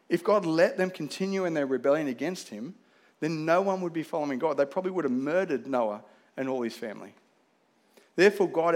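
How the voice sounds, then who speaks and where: A man preaching a conversational sermon, acting out bits of dialogue as he teaches. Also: fairly high pitch. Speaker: pastor.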